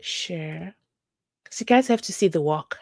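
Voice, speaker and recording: A woman's voice: lowish voice, animated, unhurried, gravelly, a little mellow, no room sound. A woman hosting a live stream in casual chat, reacting animatedly to viewer comments. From South Africa.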